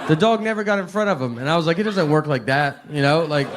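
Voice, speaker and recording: A man from Tennessee with a Southern accent, doing a slow, deadpan stand-up routine. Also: fairly high pitch, some chatter behind, slight background noise. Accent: Southern American. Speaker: stand-up comedian. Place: comedy club stage with laughing audience.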